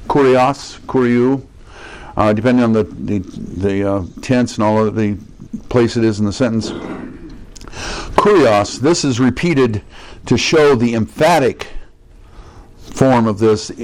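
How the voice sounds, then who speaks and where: A man preaching a sermon in a conversational way, putting questions to his listeners and slowing down to stress the verses he quotes. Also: medium pitch, a little mellow. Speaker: pastor.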